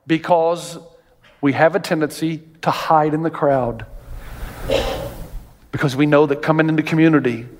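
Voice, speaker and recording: A man preaching a sermon as pastor, animated and jokey, jumping way up in pitch and volume when he acts out quoted voices. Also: normal speed, long pauses. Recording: long hall reverb.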